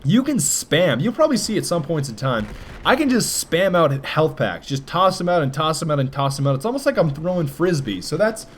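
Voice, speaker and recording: A man's voice: a little high, very animated, fairly quick, a little hiss or hum. A young man giving jokey gameplay commentary for a video game, often breaking into silly voices. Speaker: gaming commentator.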